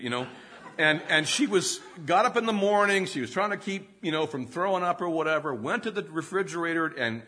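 Husky, lively middle-aged preacher. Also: male voice, on the high side. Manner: animated storytelling with self-deprecating humor; laughs often mid-sentence. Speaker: pastor. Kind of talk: sermon.

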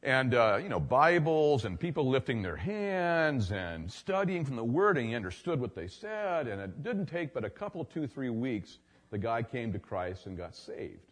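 A man's voice: medium pitch, sing-song, normal speed. A male pastor telling a story in a sermon, chatty and conversational with lots of fillers. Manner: conversational, filler-heavy, tells anecdotes.

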